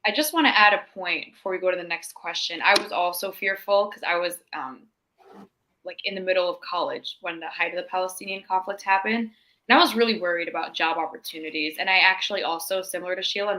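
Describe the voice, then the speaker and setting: A young woman in her twenties speaks up on a panel with a bright, clear voice. She is a sports broadcaster, and she tells her story with upbeat enthusiasm, acting out the quotes. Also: on the low side, fast talker, rough recording. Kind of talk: casual panel discussion.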